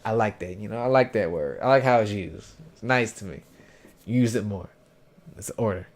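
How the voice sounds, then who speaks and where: A man's voice: fairly low pitch, normal speed. A man casually recapping an anime episode for his review, rambling and loose, with plenty of fillers, self-corrections and slang. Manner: informal slangy talk.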